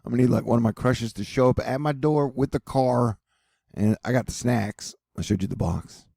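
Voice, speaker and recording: Gravelly, husky man joking through weather news. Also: medium pitch, moderate pace, warm tone, dry recording, studio quality. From United States. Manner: joking, rambling, affectionate toward viewers. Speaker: weather vlogger. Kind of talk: casual weather update monologue.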